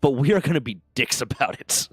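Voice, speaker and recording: A man's voice: medium pitch, animated, fairly quick, slightly rough, dry recording, clean studio sound. A young American man from Pennsylvania, streaming casual chat, rambling and swearing freely as he makes his points. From Pennsylvania, USA. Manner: profane, rambling, emphatic.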